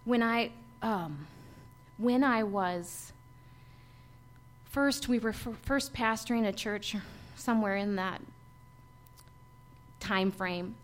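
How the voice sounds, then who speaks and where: A woman pastor preaching a sermon and telling a personal testimony, swinging from hushed to emphatic. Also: mid-range voice, slow, long pauses.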